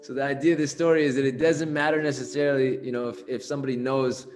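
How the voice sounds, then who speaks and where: A man's voice: mid-range voice, flat delivery, quick pace, soft background music. A man telling a story in a loose, chatty way with lots of fillers. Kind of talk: casual storytelling.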